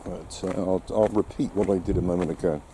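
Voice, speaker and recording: A man's voice: low-pitched, steady tone, fairly quick, background noise. A man filming himself, rambling through a casual running commentary with lots of fillers. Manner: rambling, talks to himself and the viewer with fillers and chuckles. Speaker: vlogger. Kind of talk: casual self-filmed commentary.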